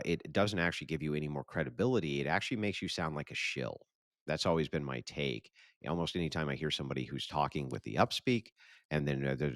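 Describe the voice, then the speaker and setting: A man's voice: a bass voice, gravelly, dry recording, clean studio sound. A male host giving blunt, opinionated reaction commentary on a clip in a casual way. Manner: blunt and opinionated, with frequent restarts and mild profanity.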